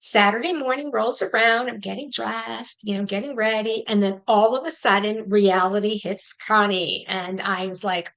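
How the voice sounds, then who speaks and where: A middle-aged woman telling a personal story to an audience, fast-talking and animated. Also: medium pitch, poor audio. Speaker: psychic medium giving a talk.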